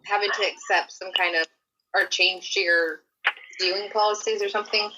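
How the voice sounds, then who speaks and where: A woman's voice: medium pitch, steady tone, moderate pace, bright, forceful tone, low-quality recording. A woman and mother chatting on a group stream, hesitant and laughing. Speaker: fellow streamer. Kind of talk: casual chat on a group stream.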